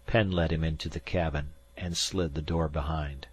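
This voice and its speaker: A man reading a classic novel aloud as an audiobook narrator, slow and expressive. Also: very deep voice, husky.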